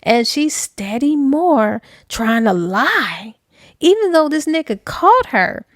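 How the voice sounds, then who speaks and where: A woman retells a novel in a casual, animated way, full of slang. Her voice is fairly high, and the recording is dry and close. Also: takes it slowly, no echo. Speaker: book reviewer. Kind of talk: casual book review recap.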